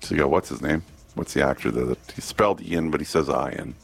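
A radio host with an extremely low, creaky, breathy-edged voice talks fast through the day's date trivia over soft background music. His casual on-air chat rambles, and he often loses his place, filling gaps with um and uh.

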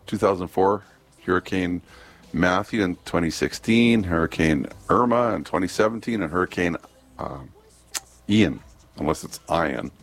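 A man hosting a radio show, chatting casually through the day's trivia and often losing his place with ums and uhs. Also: low voice. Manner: rambling, loses his place, fills gaps with um and uh. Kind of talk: casual on-air chat reading date trivia.

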